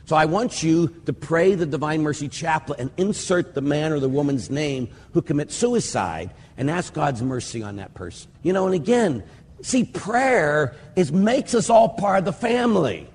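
An older man, a Catholic priest, giving a casual, rambling teaching talk that slows down whenever he recites prayers. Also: fairly high pitch, lively intonation. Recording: hall reverb with faint ambient noise.

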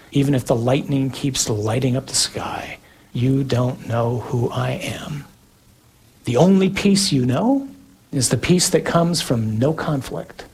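A man preaching a sermon in an earnest, emphatic way, with slow, deliberate pauses between phrases. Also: a little high, a little mellow, breathy edge.

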